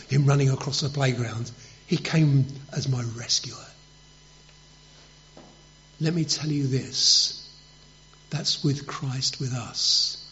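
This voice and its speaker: A man's voice: medium pitch, fairly bright tone. Man preaching a sermon, dull sound. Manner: storytelling, rhetorical questions, emphatic. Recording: dull lo-fi recording.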